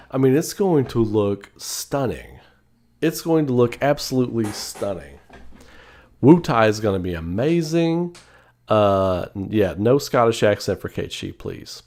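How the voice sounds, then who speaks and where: A man from the Southern United States chatting casually on a livestream, animated and rambling, answering chat and laughing often. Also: fairly low pitch. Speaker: online gaming commentator.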